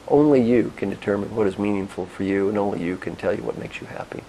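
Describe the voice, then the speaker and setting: A man giving a motivational talk, guiding listeners through reflection and telling stories in an expressive, directive way. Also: fairly low pitch, creaky, slight background noise, low-quality recording. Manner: expressive, directive, with soft pauses. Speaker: motivational speaker and coach. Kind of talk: guided reflection and storytelling talk.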